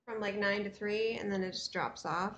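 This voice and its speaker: A woman's voice: mid-range voice, steady tone, normal speed, a bit bright. A woman co-hosting a casual comedy podcast, playful and joining in on the jokes. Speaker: podcast co-host. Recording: echoey room with faint noise.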